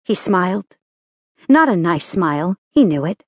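A woman with a fairly low voice narrates a romance audiobook from a script, telling the story in a measured, even way. The recording is dry and cleanly studio-made.

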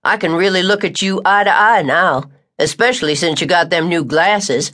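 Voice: medium pitch, moderate pace, pushed and bright, close to an everyday voice. A brash teenage boy full of jokes, read by a woman narrator in an audiobook. Plain, lightly lifted voice. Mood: joking. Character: August, a cocky teenage boy.

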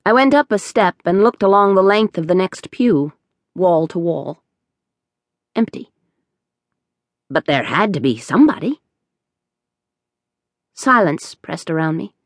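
A woman reading a first-person audiobook aloud in a slow, measured storytelling manner. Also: lowish voice, expressive, no room sound. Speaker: audiobook narrator.

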